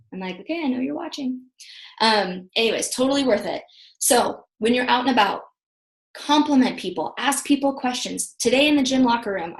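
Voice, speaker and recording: Chatty woman coaching on an echoey call. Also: mid-range voice. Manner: chatty, animated storytelling with acted quotes. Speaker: team leader giving a training call. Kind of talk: motivational training talk. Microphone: video call.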